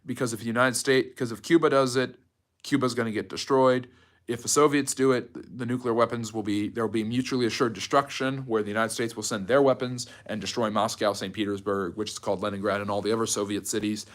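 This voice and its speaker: Male history lecturer on a livestream, mid-pitched, eager storytelling with restarts and ums. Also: fast. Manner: energetic storytelling with frequent fillers and restarts.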